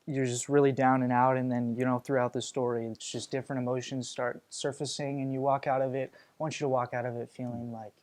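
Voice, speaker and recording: A man's voice: mid-range voice, little pitch movement, quick pace, few pauses, darkish tone. A young male stage actor talking earnestly in a casual interview, with lots of ums and you-knows. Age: young adult.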